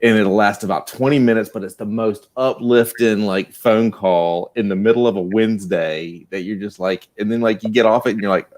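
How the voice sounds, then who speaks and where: Low-voiced Southern man with a slow drawl. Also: steady tone, darkish tone. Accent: Southern American. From United States. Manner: slow and easy drawl, laughs a lot. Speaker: guest. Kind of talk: casual chat.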